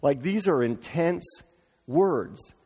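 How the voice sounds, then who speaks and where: A man preaching a casual, conversational sermon, informal and animated, acting out quotes playfully. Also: on the high side, slow, breathy edge, big-room sound. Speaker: pastor.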